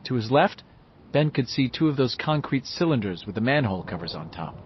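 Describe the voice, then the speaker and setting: A man narrating an audiobook with expressive storytelling. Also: medium pitch, fairly quick, a little hiss or hum. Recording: slightly muffled, dull audio.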